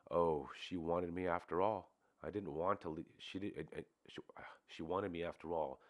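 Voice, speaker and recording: A man's voice: low voice, fairly even intonation, moderate pace, close to an everyday voice. A man reading as a shaken hypnosis subject. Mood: tearful. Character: troubled young man under hypnosis, shaken.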